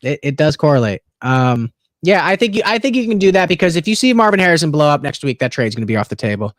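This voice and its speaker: A young man co-hosting a casual football livestream, loose and profane, joking and jumping around in pitch. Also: big pitch swings, fast talker, no room sound, studio quality. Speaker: co-host of a fantasy football stream.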